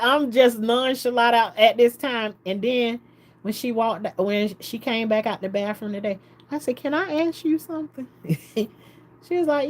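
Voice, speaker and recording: A woman vlogger tells a story casually, laughing often and quoting other people in an animated way. Her voice is a little high and her pace moderate.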